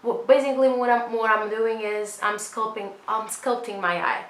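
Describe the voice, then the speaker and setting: A woman's voice: fairly high pitch, steady tone, moderate pace, a bit bright, echoey room, low-quality recording. A young woman vlogger talking casually as she does her makeup, rambling and poking fun at herself. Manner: chatty, self-mocking, rambling asides. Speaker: beauty vlogger. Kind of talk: casual makeup tutorial chat.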